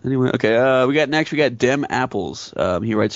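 Gravelly joking podcast co-host, man. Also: medium pitch, brisk, few pauses, no echo, muffled recording. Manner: joking, jumps into others' lines. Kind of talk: casual chat.

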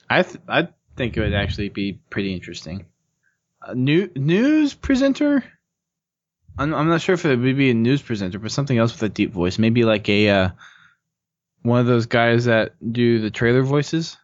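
A man's voice: mid-range voice, fairly quick, highs cut off. Rambling, hesitant podcast host man. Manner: rambling, hesitant, repeats himself. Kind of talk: casual chat.

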